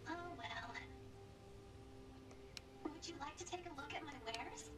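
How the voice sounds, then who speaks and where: A woman voicing a gentle, cheerful female robot shopkeeper in a video game, speaking softly and politely. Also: high voice, a little slow, loud music behind the voice. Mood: friendly. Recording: echoey game audio from far off.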